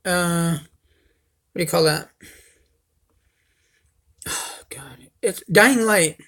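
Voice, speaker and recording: A young livestream host rambles and swears through a casual stream, calling everyone "dude" again and again. His voice is high and fairly bright, and he takes his time.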